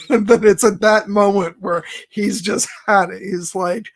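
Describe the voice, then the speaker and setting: A man co-hosting a film podcast, talking in a halting, filler-heavy way and laughing as he retells scenes. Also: high-pitched, wildly swooping pitch. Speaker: podcast co-host. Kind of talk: casual film discussion.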